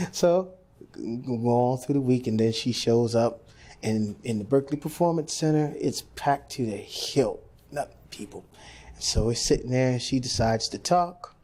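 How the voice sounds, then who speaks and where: Male jazz pianist, interview guest, animated storyteller, lively pitch. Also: unhurried. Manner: animated storyteller, acts out quoted voices.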